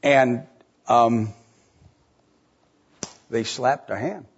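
A middle-aged man preaching a sermon in a conversational way, asking rhetorical questions and jumping up in pitch to stress a point. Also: steady tone, extremely slow, highs cut off, slight background noise. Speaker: pastor.

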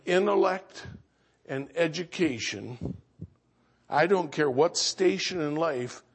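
A man pastor preaching a sermon as a story, swinging between loud exclamations and hushed earnest passages. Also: on the high side, takes it slowly, pauses often, husky.

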